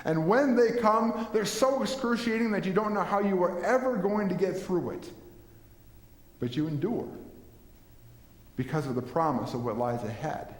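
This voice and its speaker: A man's voice: sits high, lively intonation, moderate pace. Male pastor preaching in an echoey church. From Minnesota. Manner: earnest preaching with rhetorical questions and lists. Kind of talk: sermon. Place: church sanctuary. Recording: echoey church hall with long reverb.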